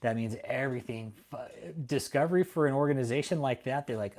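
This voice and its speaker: A man's voice: mid-range voice, fairly quick, hardly any pauses, darkish tone. A middle-aged man from Texas, hosting an angry, profane commentary rant full of defiance and swearing. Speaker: host.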